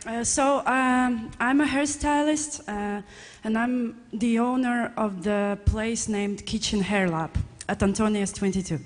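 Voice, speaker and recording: A woman in the audience hesitantly puts a question to the speaker and pauses often on fillers. Her voice rings with a long hall reverb. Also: on the high side, steady tone, soft background music. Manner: nervous, hesitant, many fillers. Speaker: audience member asking a question.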